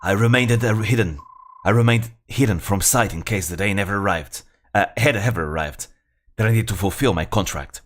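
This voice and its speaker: A man voicing a secretive male assassin in a slow, hissing, snake-like voice. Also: lowish voice, lightly acted.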